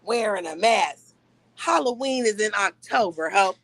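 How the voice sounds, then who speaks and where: A woman's voice: medium pitch, animated, unhurried, no echo. A woman live streamer ranting and taunting in brash, profane trash talk.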